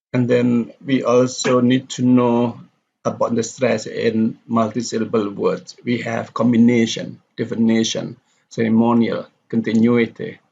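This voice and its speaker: A man's voice: mid-range voice, gravelly, darkish tone, slight background noise. A man teaching a pronunciation lecture from slides, steadily reading example sentences aloud and repeating them. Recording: dull lo-fi recording.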